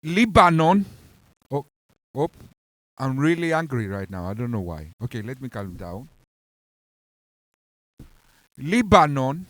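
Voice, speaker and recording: A man delivering a reaction rant, his words slow and weighted. He is scornful and insulting, flaring up and then reining himself in. The sound is close and dry, with a fairly high voice for a man. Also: dry recording. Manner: heated, scornful and insulting, swinging between outbursts and calmer stretches. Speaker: commentary channel host.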